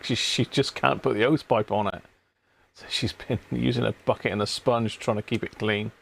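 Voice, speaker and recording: A man's voice: fairly low pitch, fairly even intonation, normal speed, vocal fry, slight background noise. A man hosting a casual live stream from his home workshop, chatting with viewers and greeting them one by one by name.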